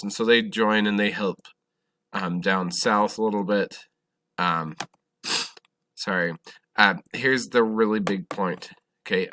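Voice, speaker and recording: Male history teacher, lecture, low-pitched, slow and halting, bright tone. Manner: halting, self-correcting, asks questions of the class. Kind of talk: classroom lecture.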